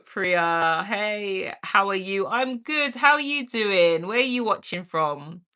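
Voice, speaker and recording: A woman's voice: medium pitch, expressive, takes it slowly, hardly any pauses, sharp tone. A woman hosting a casual livestream, chatting to viewers and reading their comments in a bubbly, chatty way. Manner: drops into a whisper for asides. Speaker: livestream host.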